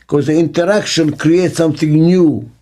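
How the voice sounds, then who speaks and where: An older man with a Hebrew mother tongue, a business consultant speaking in an interview, slow and emphatic, repeating his key words. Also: fairly high pitch, steady tone, dark tone. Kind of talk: interview monologue.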